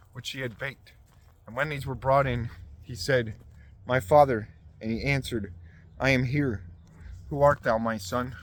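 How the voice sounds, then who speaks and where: A man reading scripture aloud at a measured pace, with occasional stumbles and restarts. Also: medium pitch, fairly bright tone, a little hiss or hum. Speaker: scripture reader.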